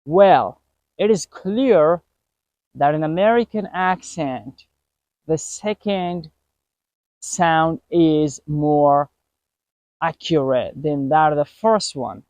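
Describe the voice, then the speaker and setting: Slow, deliberate male pronunciation teacher. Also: a little high, darkish tone, no room sound. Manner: deliberate, repeats each word twice for contrast. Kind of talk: pronunciation lesson. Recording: dry, dull lo-fi voice recording.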